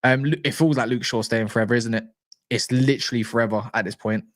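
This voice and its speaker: A man chats casually on a football livestream and reads out comments as they come in. He talks in a slangy, animated way, restarts a lot and trips over names. His voice sits at a middling pitch and sounds dry, close and free of room echo. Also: quick pace. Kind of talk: casual livestream chat reading live comments.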